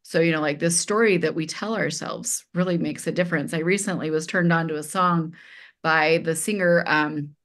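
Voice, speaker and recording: A woman's voice: low voice, normal speed. A middle-aged woman guest who chats casually and tells stories with animation, acting out quoted dialogue and using lots of "like.". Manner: animated, acts out quoted dialogue, many fillers like "like". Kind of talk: casual conversational storytelling.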